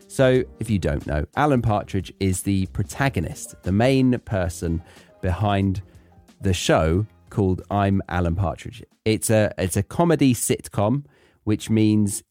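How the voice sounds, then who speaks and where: British male podcast host, lowish lively voice, chatty teacher manner, dry booth sound. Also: no echo. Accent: British English. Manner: chatty, animated, with frequent restarts. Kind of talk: casual podcast monologue.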